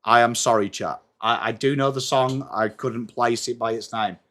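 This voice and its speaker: A man's voice: mid-range voice, fairly even intonation, normal speed, a bit bright. A young English man hosting a live sports watchalong, chatting to his viewers in a self-mocking way and reading trivia aloud. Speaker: livestream host.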